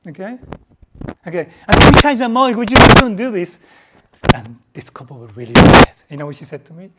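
Woman giving a sermon, chatty and asking the crowd stuff, goes quiet then loud, lots of noise in the recording. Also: medium pitch, very animated, fairly quick. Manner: conversational preaching full of rhetorical questions, swinging from hushed to loud. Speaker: preacher. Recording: heavy background noise.

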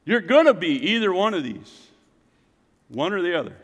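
A male pastor delivering a sermon with a fairly high voice. He preaches dynamically, rising to loud cries and then dropping to hushed intensity. The sound rings with the long reverb of a church hall. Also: sing-song, normal speed.

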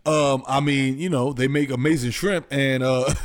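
A man co-hosting a comedy podcast, laid-back and hesitant, reacting with quick asides. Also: mid-range voice, fairly even intonation. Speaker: podcast co-host. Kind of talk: casual comedic banter.

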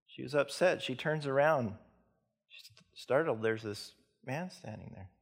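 Preacher, male, gravelly voice, earnest sermon delivery that drops soft and slow. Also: medium pitch. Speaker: pastor.

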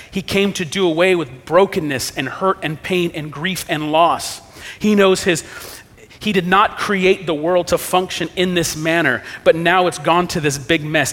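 A man's voice: a little high, a bit bright. A man preaching a sermon as pastor, earnest and emphatic, his volume rising and dropping for effect. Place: church sanctuary. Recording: long reverb of a church hall.

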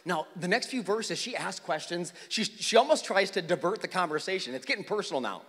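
A man preaching a sermon, swinging between loud calls and hushed tones, acting out the people in the story. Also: fairly high pitch, brisk, few pauses, in a large hall. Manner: animated, swings from loud to hushed, acts out voices. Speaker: pastor.

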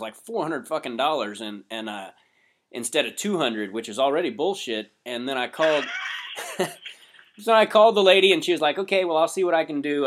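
A man's voice: medium pitch, a bit bright. A man speaking in a laid-back, reflective, profane way in a casual podcast chat.

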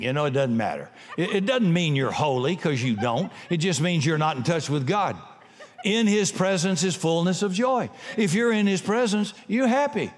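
Male preacher, folksy and punchy, fairly high voice, long reverb of a large hall. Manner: folksy, punchy, breaks into shouts and jokes. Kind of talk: sermon.

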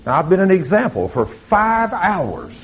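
A man's voice: wildly swooping pitch, measured pace. Older preacher guy, fired up, voice keeps climbing, kinda dull lo-fi recording. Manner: fervent, pitch climbing as he exhorts. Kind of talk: sermon.

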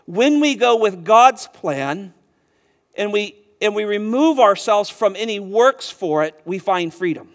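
A man preaching a sermon, animated and chuckling now and then as he repeats words and teaches through a passage. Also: high voice, unhurried. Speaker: pastor.

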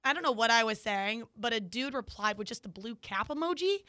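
A young woman co-hosting a podcast, chatting casually and telling stories with quick giggles. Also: a little high, expressive, bright, forceful tone, dry recording, clean studio sound. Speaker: podcast co-host. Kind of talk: casual chat.

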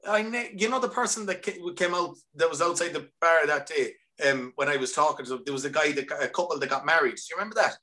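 Man, Irish accent, casual storytelling guest, fairly high voice. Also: sharp tone. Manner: chatty storyteller, quick asides. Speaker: singer, guest. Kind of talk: casual chat.

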